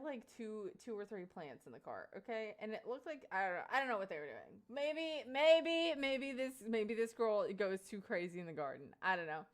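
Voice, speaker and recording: Lively, laughing young woman streamer. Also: medium pitch. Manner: animated, laughs often, many fillers like "like" and "um". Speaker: live streamer. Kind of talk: casual storytelling to chat.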